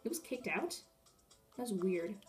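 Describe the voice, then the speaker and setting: A woman's voice: medium pitch, big pitch swings, slow, faint music behind. A woman commenting casually while playing through a story game and reading its lines. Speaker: game player. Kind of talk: let's play commentary, reading all voices.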